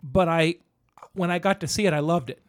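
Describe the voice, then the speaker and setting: This middle-aged man co-hosts a podcast, chatting loosely and a little fast, full of fillers and restarted sentences as he circles back. His voice is slightly high for a man, and the close, dry recording has no echo.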